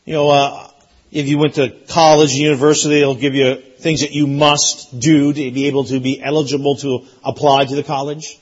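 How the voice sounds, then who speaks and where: A man preaching a sermon as pastor, emphatic and repetitive, rising to loud peaks. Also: medium pitch, level tone, normal speed, highs cut off. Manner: emphatic, repeats phrases, rises to loud peaks.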